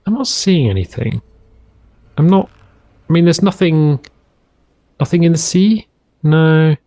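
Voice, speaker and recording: A man's voice: fairly high pitch, lively intonation, unhurried, mellow, no room sound. A man hosting a let's play, chatting and musing aloud in a rambling way while he plays a survival game. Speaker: gaming channel host.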